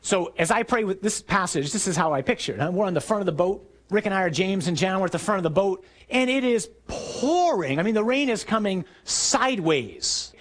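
A man preaching a sermon, telling the story with energy and acting out shouted lines in the scenes. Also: high-pitched, animated, brisk, few pauses.

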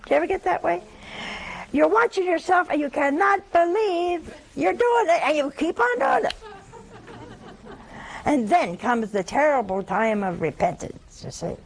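A woman's voice: sits high, lively intonation, moderate pace, poor audio. A woman giving a conversational Catholic sermon, telling folksy anecdotes and acting out the dialogue. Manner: folksy storytelling, acts out dialogue. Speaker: Catholic religious speaker.

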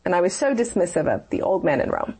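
A woman's voice: lowish voice, wildly swooping pitch, fast, dark tone, husky. A woman telling a personal faith story in a conversation, earnest and rambling, with many fillers. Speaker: interview guest.

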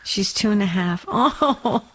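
A woman hosting a call-in radio show, affirming callers with gentle encouragement. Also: medium pitch, lively intonation, unhurried.

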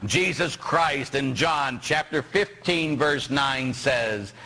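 A priest from Pittsburgh giving a sermon, joking and asking the congregation rhetorical questions. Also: male voice, medium pitch, slow pace. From Pittsburgh, USA. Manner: animated, jokey preaching with rhetorical questions to the congregation. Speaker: parish priest.

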